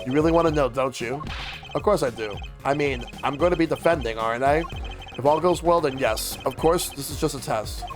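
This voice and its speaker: A man's voice: mid-range voice, fairly quick, music in the background. A man streaming a visual novel game, reading the dialogue aloud and voicing each character, with casual asides.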